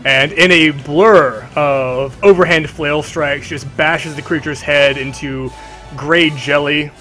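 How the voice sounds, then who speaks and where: Guy game master on a stream, slightly high voice, loose chatty narration, background music. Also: steady tone, takes it slowly, sharp tone. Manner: casual, filler-heavy, vivid narration.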